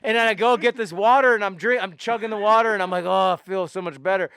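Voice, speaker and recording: A high-voiced man hosts a podcast, racing through a profane tour anecdote with frequent laughs and false starts. His voice is smooth and clean, recorded dry and close. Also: fast, no room sound. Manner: animated, profane, laughing, many restarts. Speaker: podcast host. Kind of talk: casual storytelling chat.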